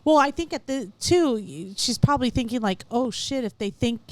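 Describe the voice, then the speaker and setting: A woman with a somewhat high voice jumps into a casual true-crime conversation, finishing her co-host's thoughts and adding her own reading of events. The recording is dry and close. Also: lively intonation, normal speed, a little mellow, no echo. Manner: chiming in, finishing the other's sentences. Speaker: podcast co-host.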